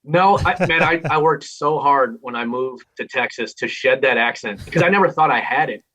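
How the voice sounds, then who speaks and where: A man's voice: medium pitch, normal speed, bright, forceful tone. A man with a Minnesotan accent, a radio host chatting as an interview guest, rambling and laughing often. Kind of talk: casual interview chat. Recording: dull lo-fi remote audio.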